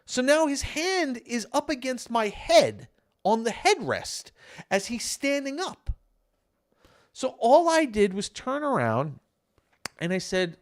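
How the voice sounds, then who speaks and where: A man with a New York accent, co-hosting a casual podcast chat and telling a story with lively, acted-out quotes. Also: very high-pitched, measured pace, no room sound, studio quality. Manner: animated storyteller, acts out quoted lines loudly. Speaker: podcast co-host. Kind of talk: casual chat over beers.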